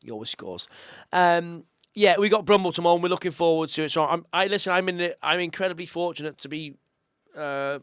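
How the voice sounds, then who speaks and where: A man's voice: fairly high pitch, fairly bright tone, clear, resonant tone, dry recording, clean studio sound. A young man, co-hosting a casual live-stream chat, chatty and emotional and calling everyone mate. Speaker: co-host, youth football coach.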